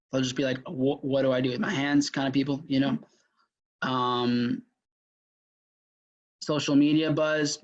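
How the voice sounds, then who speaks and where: A man runs a loose sales workshop at a mid pitch, talking in a chatty way with many fillers and restarts. His voice comes through dull, lo-fi audio. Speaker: mentor teaching a sales workshop. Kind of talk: casual live workshop lecture.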